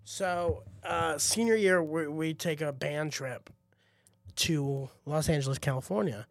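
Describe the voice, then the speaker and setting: A young man co-hosting a casual comedy podcast, telling a story with lively put-on voices. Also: a little high, measured pace, gravelly, dry recording, studio quality. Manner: animated storyteller, puts on silly voices. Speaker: podcast co-host.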